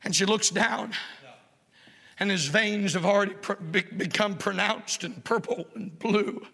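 A man pastor preaching a sermon in a church, impassioned and at times shouting. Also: sits high, unhurried, vocal fry, husky, in a large hall. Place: church sanctuary.

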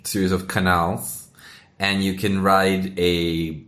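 Man, very low voice, casual chat, short agreeable remarks. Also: flat delivery, slow, a bit bright. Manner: brief, agreeable interjections.

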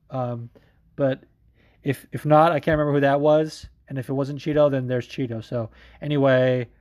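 A man in a casual monologue, rambling and excitable, swearing often and restarting sentences with lots of fillers. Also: medium pitch, moderate pace. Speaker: podcaster talking about mixed martial arts fighters.

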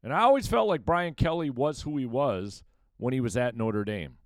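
A man hosting his own sports podcast, riding a lively, swinging pitch as he argues his takes with conviction. His emphatic delivery leans on rhetorical questions aimed straight at the audience. The sound is close and dry, with almost no room around it. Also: moderate pace, no echo. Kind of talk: solo sports opinion commentary.

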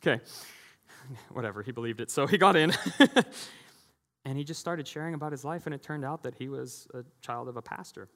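Chatty pastor in a reverberant hall. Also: male voice, mid-range voice, a little fast, a bit bright. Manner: chatty, laughs often, leans on "you know". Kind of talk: conversational sermon with personal stories. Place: church sanctuary. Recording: long church hall reverb.

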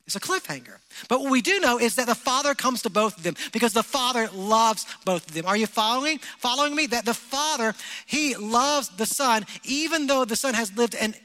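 A man's voice: very high-pitched, lively intonation, a little fast, pushed and bright. A man, a pastor, preaching a sermon in a church, emphatic and full of rhetorical questions to the congregation. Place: church hall. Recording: long hall reverb.

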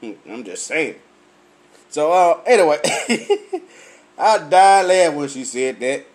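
Tipsy dude ranting jokes, high voice, cussing nonstop, cracking himself up. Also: male voice, wildly swooping pitch. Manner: loud, laughing, heavy cursing, drawn-out punchlines. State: tipsy from drinking. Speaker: comedian vlogger. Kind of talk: profane comic storytelling rant.

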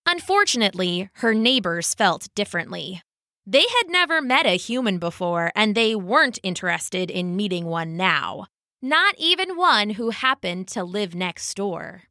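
A woman narrating a scripted children's story as the podcast's storyteller, telling it slowly and with many acted voices. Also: medium pitch, very animated, sharp tone, no echo, clean studio sound.

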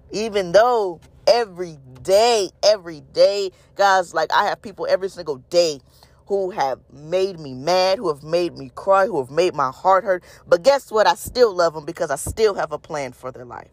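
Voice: mid-range voice, normal speed, no echo. A preacher giving an impassioned devotional message, repeating phrases for emphasis and speaking straight to the listeners. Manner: calls out to the audience with "y'all" and "you guys".

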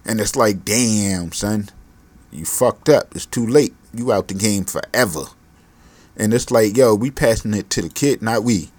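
A man's voice: on the low side, unhurried, darkish tone, no room sound. A man hosting his own podcast, ranting on his own in a profane, exasperated, rambling way; he is a parent. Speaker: podcast host. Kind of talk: solo podcast rant.

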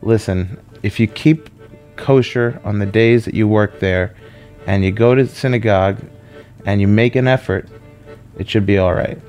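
A calm, reassuring holy man giving simple advice, as a man puts him on in a story. The voice is low and steady, with faint music behind it. He says it all plainly and without fuss. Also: moderate pace, natural voice. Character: calm male religious adviser.

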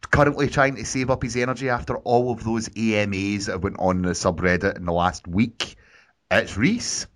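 A man hosting a gaming podcast, introducing his co-hosts in a relaxed, teasing way. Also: lowish voice, normal speed. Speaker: podcast host. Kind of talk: casual podcast chat.

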